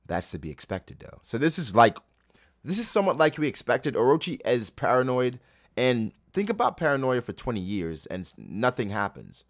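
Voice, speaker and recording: A man's voice: mid-range voice, wildly swooping pitch, normal speed. A man hosting a live manga reaction, talking casually and profanely as he thinks aloud.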